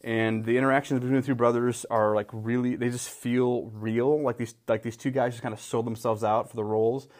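A man's voice: mid-range voice, little pitch movement, fairly quick, hardly any pauses, darkish tone. A man co-hosting a casual movie chat, rambling with many fillers and restarts and teasing wryly. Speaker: podcast co-host.

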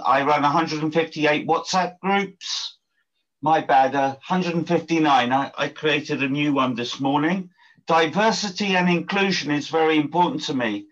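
Older man, upbeat pitch. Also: unhurried, fairly bright tone. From England. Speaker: networking group organizer. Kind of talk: self-introduction pitch on a video call. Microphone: video call. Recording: dull lo-fi video call audio.

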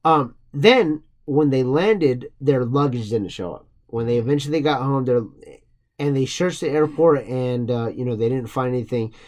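A man's voice: mid-range voice, moderate pace, a little mellow. A man co-hosting a podcast, retelling a story casually with lots of swearing and jokes. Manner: profane, joking, mocking voices in quotes. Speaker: podcast co-host.

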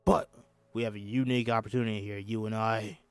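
A man voicing a gruff, hard-bitten middle-aged male marine colonel with blunt orders, straining his throat, in an amateur script reading. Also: lowish voice, level tone, fast, dry recording, faint music behind, close to an everyday voice. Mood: scornful.

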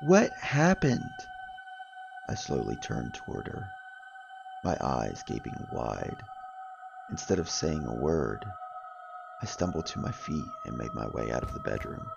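Male horror narrator: low and gravelly, dramatic delivery over background music. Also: wildly swooping pitch, a little slow, muffled recording.

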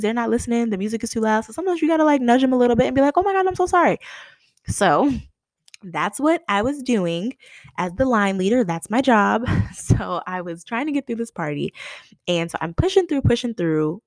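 A young woman tells a story in a lively, swooping voice, acting out what people said with big leaps in pitch. The recording is close and dry, with no room sound. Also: brisk, dry recording. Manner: animated, acts out quoted lines with big pitch jumps. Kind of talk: casual storytelling.

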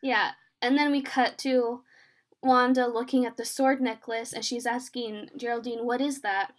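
Talking through a TV episode with a friend, this podcast co-host uses a light, high voice at a moderate speed. Her casual, loose recap bubbles with excitement and plenty of fillers as she performs the characters' lines herself.

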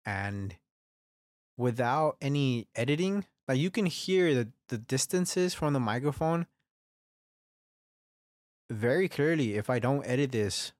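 A man's voice: mid-range voice, lively intonation, measured pace, pauses often, dry recording, studio quality. Profane rambling young man podcasting. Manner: profane, rambling, swears constantly. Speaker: podcast host. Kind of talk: casual solo podcast talk. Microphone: studio microphone, varying distance.

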